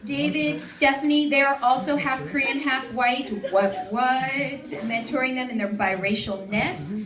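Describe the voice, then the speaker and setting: Her voice sits high, with a steady tone at normal speed. A woman in her thirties from the Seattle suburbs, she's a campus ministry staff speaker giving a bubbly, joking conference talk into a stage mic to a large audience, in an echoey hall with a crowd.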